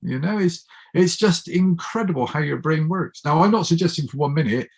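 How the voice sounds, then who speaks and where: Husky middle-aged male storyteller. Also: a little high, brisk. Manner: lively storyteller who acts out quoted speech. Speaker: guest speaker. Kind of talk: casual storytelling in a chat show.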